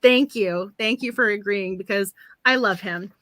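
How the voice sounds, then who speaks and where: A woman hosting a book club stream, chatting casually with frequent giggles and quick apologies. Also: medium pitch, a bit bright, dry recording. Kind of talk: casual live-stream chat.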